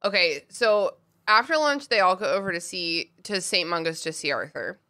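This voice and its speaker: A woman co-hosting a podcast in casual chat, animated and laughing, swearing freely. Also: fairly low pitch, moderate pace. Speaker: podcast co-host.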